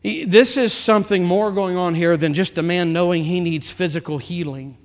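A male pastor preaching a sermon, swinging between hushed, quiet passages and rising, impassioned build-ups. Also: sits high, normal speed, in a large hall.

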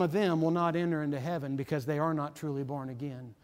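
Male preacher, emphatic sermon delivery, somewhat raised pitch, scripture-quoting. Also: steady tone, quick pace, few pauses. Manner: emphatic, rising to impassioned pleading; quotes scripture chapter and verse.

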